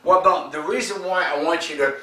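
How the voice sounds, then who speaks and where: A man's voice: fairly high pitch, a little fast, bright, forceful tone. Dog trainer, male, blunt and joking; roomy room, distant mic, faint noise. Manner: direct, demanding, joking. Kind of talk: coaching dog owners at home. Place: home, indoors.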